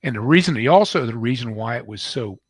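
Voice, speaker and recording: An older man, an author and guest, telling a personal story in an interview, halting and emotional. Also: mid-range voice, lively intonation, breathy edge, no echo. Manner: halting, emotional, many restarts.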